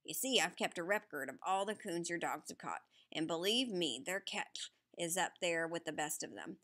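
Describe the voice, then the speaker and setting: A folksy old country grandfather, kindly and quick to get excited, drawling in a slightly lowered, softer voice, as a woman narrator reads him. His tone stays bright and forceful underneath. Storybook audiobook reading. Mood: gentle, earnest.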